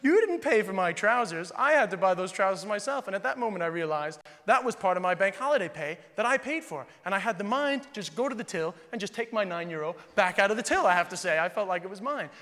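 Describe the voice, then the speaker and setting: A man from the United States doing stand-up storytelling, animated and quick. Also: sits high, big-room sound. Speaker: stand-up comedian.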